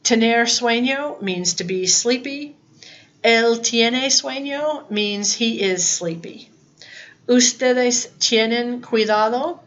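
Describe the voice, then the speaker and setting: A woman's voice: on the high side, takes it slowly, a bit bright, highs cut off. A woman in her fifties teaching a recorded Spanish lesson, plain-spoken and chatty, with asides. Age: 50s.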